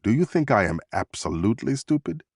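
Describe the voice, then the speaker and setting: A man's voice: medium pitch, sing-song, a little fast, slightly rough, dry recording, studio quality. A man reading an audiobook voicing a guarded female detainee with a thick Saudi accent, speaking in terse, clipped phrases. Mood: bitter. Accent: Saudi Arabic.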